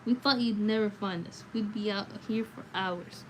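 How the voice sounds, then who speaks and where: A woman's voice: mid-range voice, normal speed, slight background noise, natural voice, poor audio. A woman with a slightly sore voice reading the lines of an anxious, earnest little boy from a book, lifting her voice a little for him. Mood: excited.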